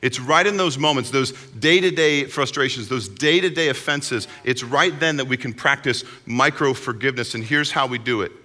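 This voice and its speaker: A pastor delivers a conversational, animated sermon. His voice is bright and forceful at a middle pitch. The sound carries a long reverb from a large hall. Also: moderate pace, hardly any pauses.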